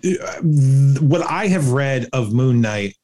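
A man from New England co-hosting a podcast, talking in halting stops and restarts. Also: mid-range voice, lively intonation, darkish tone. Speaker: podcast co-host. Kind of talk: casual chat.

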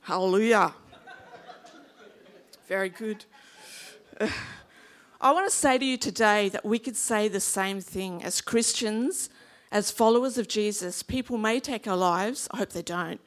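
A woman's voice: mid-range voice, measured pace. A woman in her fifties with an Australian accent, preaching a sermon in a chatty, humorous way and drawing in the congregation. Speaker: pastor.

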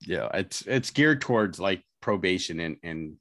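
Candid low-voiced man telling his story. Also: expressive, a little slow, a bit bright, no echo, clean studio sound. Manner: candid, self-mocking, laughs often, quotes others. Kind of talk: casual spoken storytelling.

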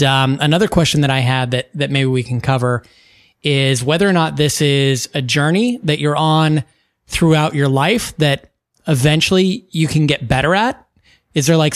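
Thoughtful, measured male podcast co-host. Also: mid-range voice, no room sound, clean studio sound. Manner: thoughtful, measured, frequent ums. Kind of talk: casual podcast chat.

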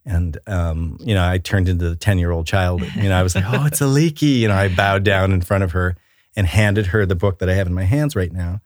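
Deep-voiced man, dry close sound. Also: little pitch movement, brisk, dry recording. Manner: enthusiastic and storytelling, with many fillers and restarts. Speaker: children's book author and illustrator. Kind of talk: relaxed interview chat.

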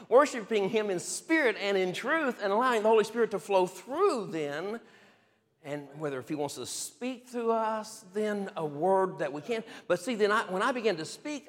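High-voiced pastor telling a story. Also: male voice, in a large hall. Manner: lively storyteller who chuckles often. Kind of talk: testimony-style sermon storytelling.

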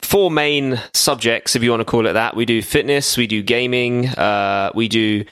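A man appearing as a podcast guest, chatting casually, pausing often and laughing easily. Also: medium pitch, fairly even intonation, a bit bright, smooth, dry recording, studio quality. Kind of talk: casual chat.

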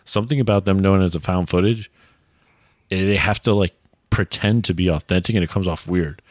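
A man's voice: deep voice, a little fast, a little mellow, dry recording, studio quality. A man chatting casually about a horror film he watched, laid-back and full of fillers, now and then quoting the characters. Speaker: podcast co-host. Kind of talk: casual movie review chat.

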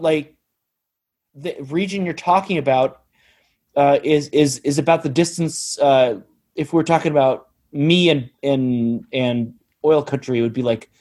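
A man's voice: mid-range voice, unhurried, a little mellow. A man co-hosting a podcast, telling a rambling story in casual chat. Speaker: podcast co-host.

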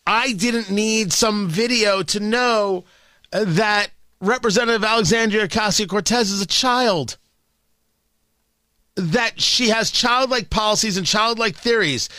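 A man's voice: high-pitched, unhurried, pushed and bright, dry recording. A man hosting a talk radio show, delivering an opinionated, sarcastic and combative monologue into a studio microphone.

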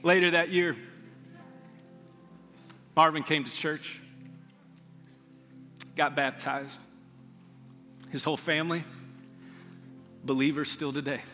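Earnest preacher in a reverberant hall. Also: male voice, fairly high pitch, steady tone, slow pace, long pauses, sharp tone, faint music behind. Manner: earnest storytelling preacher, rising to emphatic peaks. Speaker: pastor. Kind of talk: sermon. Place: church sanctuary.

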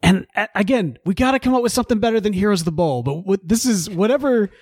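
A man's voice: high-pitched, animated, fast talker, a little mellow, no echo, studio quality. A man co-hosting a podcast, enthusiastic and playful in banter. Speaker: podcast co-host.

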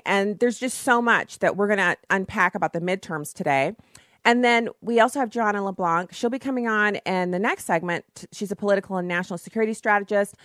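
A woman hosting a talk radio show, her voice scratchy and hoarse, chatting enthusiastically with fillers. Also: medium pitch, fairly bright tone, no echo, clean studio sound. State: scratchy voice from yelling the day before. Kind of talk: casual talk radio monologue.

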